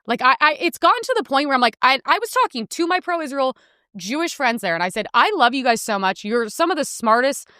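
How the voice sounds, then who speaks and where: Animated, bright-voiced woman ranting. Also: high-pitched, no room sound, clean studio sound. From United States. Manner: fast, animated, heated, swears with cut-off words. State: sore throat. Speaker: podcast host. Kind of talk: ranting commentary.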